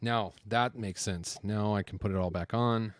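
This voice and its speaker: A man's voice: fairly low pitch, fairly even intonation, normal speed. A man hosting a casual building video, talking his way through the build in a chatty, rambling way with lots of fillers. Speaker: host building LEGO on camera.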